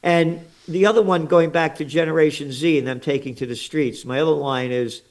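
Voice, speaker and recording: A man's voice: on the high side, fairly even intonation, a little fast, hardly any pauses. An older American man with an American accent, a trends forecaster giving blunt, sarcastic, indignant commentary in an interview, full of rhetorical questions.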